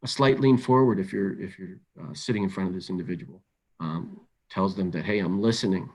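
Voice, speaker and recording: A middle-aged man presenting an instructional webinar, calm and measured, often repeating words as he thinks aloud. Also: deep voice, slightly rough. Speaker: webinar presenter on crisis intervention.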